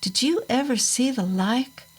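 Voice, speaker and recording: A woman voicing a quiet, spooky man with a thick southern drawl who speaks softly, half in a whisper. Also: a little high, measured pace, slightly rough, pitched above the performer's own voice. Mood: hushed wonder.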